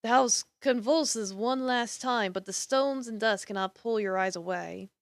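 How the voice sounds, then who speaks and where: A woman streamer reading a horror visual novel aloud in a theatrical way, swinging between hushed and emphatic lines. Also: on the high side, a little slow, dry recording.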